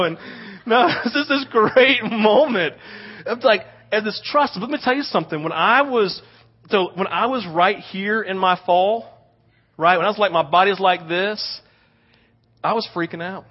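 A man preaching a sermon as a pastor, telling stories in an animated way and often asking "right?". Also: high-pitched, normal speed, muffled recording. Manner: animated storytelling with frequent "right?".

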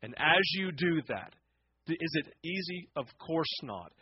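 A man preaching a sermon, telling stories that swing from hushed to impassioned, often repeating words and asking "right?". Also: on the high side, lively intonation, measured pace, breathy edge, dry recording, highs cut off. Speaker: pastor.

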